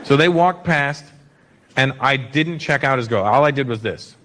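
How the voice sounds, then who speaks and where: A man from Canada doing stand-up comedy, chatting playfully with the crowd in an animated way. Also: medium pitch, normal speed, a little hiss or hum.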